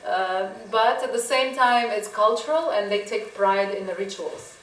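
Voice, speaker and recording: A woman's voice: mid-range voice, normal speed, a bit bright. A woman photographer answering audience questions in a chatty, storytelling way, laughing often. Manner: chatty storytelling, frequent laughs and "you know". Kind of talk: gallery Q&A talk. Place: gallery talk in front of an audience. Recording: echoey room, voice from a distance, faint hiss.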